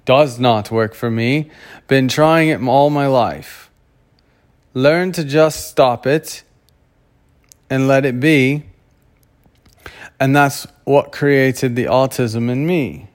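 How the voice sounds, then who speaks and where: A man speaks at an unhurried, drawn-out pace in a loose, casual monologue. He wanders through his thoughts, breaks off mid-sentence and gropes for words before carrying on. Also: mid-range voice. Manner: rambling, searching for words, self-interrupting. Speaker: vlogger.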